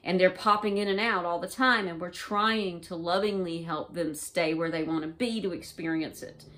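Woman vlogger, slightly low pitch, loose and rambling storyteller who swears freely. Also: steady tone, moderate pace, bright, forceful tone. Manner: rambling, profane, filler-heavy. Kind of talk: casual first-person recounting.

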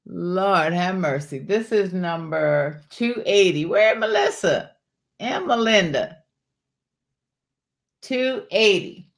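A woman's voice: fairly low pitch, expressive, slow. Chatty woman hosting a live jewelry sale. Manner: chatty, calls out viewers by name, folksy Southern-style warmth in words like y'all. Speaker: live-stream jewelry seller. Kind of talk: casual live-stream sales chat.

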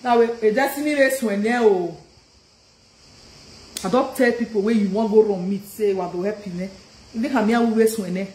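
Unusually for this rant, her voice is medium-pitched and a little mellow, at a moderate pace with long pauses and reverberant sound. She is a Nigerian-accented woman confronting someone on a live stream, repeating her questions and changing languages mid-sentence.

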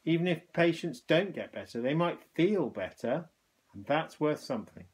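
A man's voice: fairly high pitch, expressive, normal speed, slightly rough. A man voicing an anxious, eager young boy in a hospital, in a children's storybook reading. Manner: eager, questioning.

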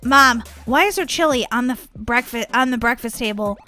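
A woman hosting a family role-play game video, bratty, teasing and quick to shout. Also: fairly high pitch, soft background music. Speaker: gaming channel host playing Molly.

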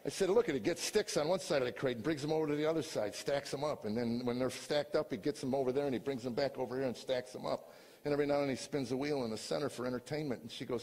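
An older man, a comedian, giving a personal testimony in a storytelling way, dropping to quiet talk and rising to shouts. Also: medium pitch, racing, big-room sound. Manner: storytelling, swings from hushed to shouting.

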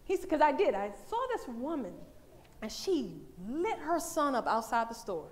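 A woman giving a lively, conversational talk at a church as the women's day speaker, animated and laughing often. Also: high-pitched, moderate pace.

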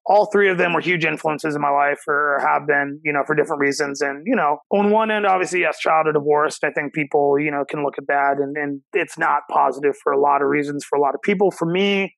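Podcast guest: man in his 30s, from Ohio, gravelly, higher register, reflective and halting. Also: fairly even intonation, a bit bright, no echo, low-quality recording. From Cincinnati, Ohio, USA. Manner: reflective, halting, many restarts and 'you know' fillers. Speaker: chef and restaurant owner, podcast guest. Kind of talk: casual interview storytelling.

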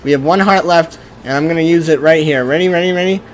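A male streamer commentating his gameplay, often frustrated and ranting at the game, with sudden bursts of yelling. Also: a little high, fast, slight background noise.

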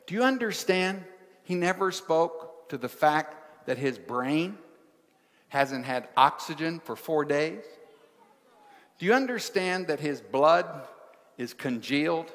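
Slow-preaching pastor in a reverberant church. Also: male voice, fairly high pitch, a bit bright. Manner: preaching in short rhythmic phrases, asking the congregation questions. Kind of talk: sermon. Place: church sanctuary. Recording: large hall with long reverb.

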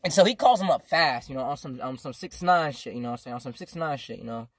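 A man's voice: medium pitch, quick pace, dry recording, clean studio sound. A man in his twenties telling a life story in a casual vlog, rambling and swearing a lot. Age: 20s. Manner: rambling, profane, animated. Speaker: vlogger.

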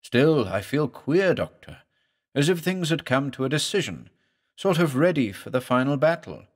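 A suffering, haunted man begs for help in a strained, pleading voice, as a narrator plays him. His pitch rises and swings with anguish. Each line sounds drawn from pain. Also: very animated, normal speed. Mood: desperate. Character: suffering male patient, desperate and haunted.

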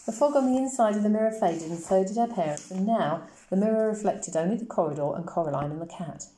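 Expressive woman reading a story aloud. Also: mid-range voice, fast. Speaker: teacher. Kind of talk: reading a novel aloud for a lesson. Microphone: camera. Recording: roomy echoey recording.

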